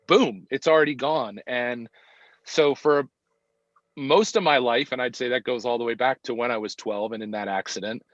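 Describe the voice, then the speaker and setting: This man, a podcast guest in his fifties, talks at a moderate pace with a medium pitch, thinking aloud hesitantly and often restarting or saying "um." It's a casual conversational interview, recorded dull and dry without any room sound.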